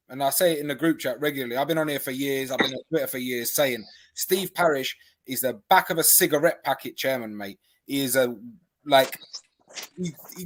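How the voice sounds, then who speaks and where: Higher-pitched blunt ranter from Canada. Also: male voice. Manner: blunt, scornful ranting. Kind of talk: live fan reaction chat.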